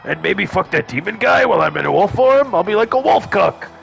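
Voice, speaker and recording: A man's voice: sits high, lively intonation, fairly quick, gravelly, fairly bright tone, voice pushed up, full character voice. A man voicing an earnest, awkward teenage werewolf boy who rambles eagerly and misses every hint.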